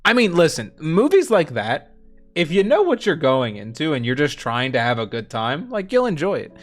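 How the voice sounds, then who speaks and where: A young man co-hosting a stream, telling rambling, animated stories in casual chat. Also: fairly high pitch, normal speed. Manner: animated storytelling, rambling with restarts. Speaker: streamer co-host.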